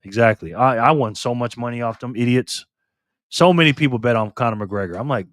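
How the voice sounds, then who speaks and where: A man's voice: medium pitch, a little fast, no room sound, clean studio sound. A man hosting a casual live stream, chatting loosely with viewers by name and repeating himself.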